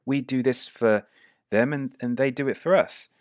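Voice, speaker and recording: A man's voice: medium pitch, moderate pace, no room sound, studio quality, voice pushed up, lightly acted. Man doing a hesitant young boy. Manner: hesitant, stumbling.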